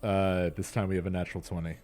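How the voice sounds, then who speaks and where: A man's voice: low-pitched, flat delivery, quick pace, darkish tone, soft background music. A man hosting a let's play, chatting casually and laughing often with self-deprecating asides. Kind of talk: casual gameplay commentary.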